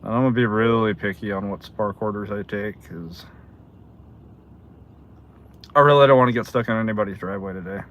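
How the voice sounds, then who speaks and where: A man's voice: lowish voice, fast, fairly bright tone, highs cut off. A man in his seventies chatting casually on a livestream while driving deliveries, greeting viewers by name. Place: in a car.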